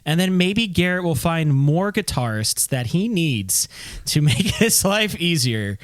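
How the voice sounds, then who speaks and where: A man's voice: a little high, lively intonation, unhurried, dry recording. A man co-hosting a casual comedy podcast, teasing his partner in a playful way and laughing often. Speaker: podcast co-host.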